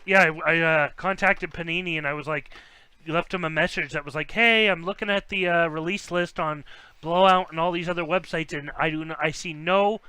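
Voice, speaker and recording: A man hosting a live sports card break, talking in a rambling, joking way. His voice sounds bright and clean. The recording is dry and close. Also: fairly high pitch, fairly even intonation, brisk, clear, resonant tone, no room sound, rough recording. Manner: chatty, rambling, jokey. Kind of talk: casual live-stream chat.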